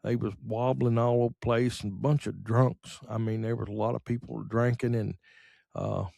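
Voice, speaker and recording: A middle-aged man telling rambling, folksy stories on a podcast, full of pauses and fillers. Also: mid-range voice, fairly even intonation, creaky, dark tone, dry recording, studio quality. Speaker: podcast host. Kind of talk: casual storytelling.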